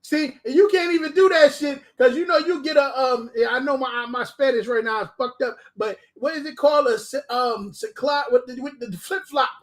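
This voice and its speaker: A man with a New York accent, a guest artist on a live show, telling stories in a loud, animated and profane way. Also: very high voice, moderate pace, few pauses. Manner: animated, profane storytelling with shouted bits. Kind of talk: casual live show chat.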